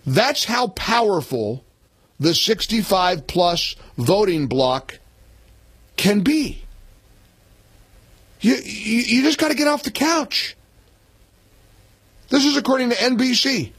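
A man's voice: sits high, expressive, takes it slowly, long pauses, fairly bright tone, husky, no echo. A man in his sixties hosting a talk radio show, speaking emphatically and repeating points for punch. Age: 60s. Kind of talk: opinionated political talk radio.

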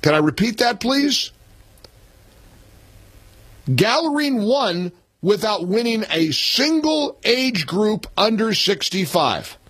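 A man's voice: high voice, sing-song, slow, a bit bright, husky, no room sound. A man in his sixties hosting a talk radio show, speaking emphatically and repeating points for punch. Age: 60s. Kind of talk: opinionated political talk radio.

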